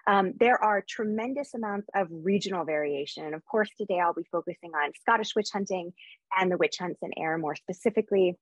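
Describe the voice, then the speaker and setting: American woman historian, lowish voice, brisk lecture, dry sound. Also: no echo, rough recording. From United States. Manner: quick, lively lecturing with frequent fillers. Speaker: historian giving a conference talk. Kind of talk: academic lecture.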